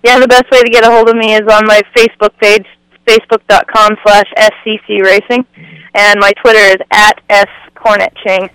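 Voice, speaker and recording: A woman's voice: medium pitch, level tone, a little fast, a bit bright, clean tone, dry recording, low-quality recording. A woman in her twenties from Canada, a race car driver, talking eagerly and gratefully as a radio guest, with lots of filler words. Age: 20s. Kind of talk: radio interview.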